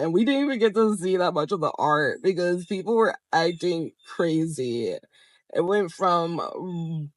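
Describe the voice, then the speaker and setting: A young adult vlogger telling a story straight to camera, animated and expressive, swearing often. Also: mid-range voice, no room sound. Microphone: camera framed close to the speaker.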